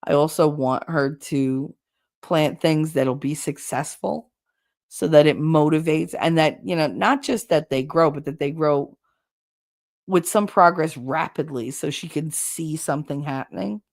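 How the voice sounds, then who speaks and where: Low-voiced New Jersey woman, going hoarse. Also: a little slow. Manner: chatty, rambling, blunt with swearing. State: going hoarse from long talking. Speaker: livestream host reading chat. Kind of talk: casual chat.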